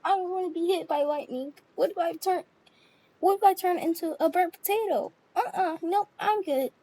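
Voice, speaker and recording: A woman's voice: extremely high pitch, normal speed, warm tone, pitched above the performer's own voice. A woman voicing a panicky little kid who whines fearfully. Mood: whiny. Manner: squealing, fearful whining. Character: panicky whiny little kid, always scared. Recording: noisy home recording with clicks.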